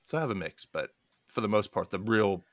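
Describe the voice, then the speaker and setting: In a clean, dry studio recording, a man speaks fairly quickly in a lowish voice as a guest, recounting family stories casually. He's animated, laughs frequently, and acts out quoted voices.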